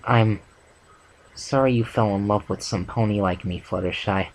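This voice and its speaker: A man's voice: fairly low pitch, moderate pace, slight background noise, natural voice, low-quality recording. A man voicing a blunt, remorseful tomboy female pony in an amateur fanfic reading, in a plain, subdued voice. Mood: regretful.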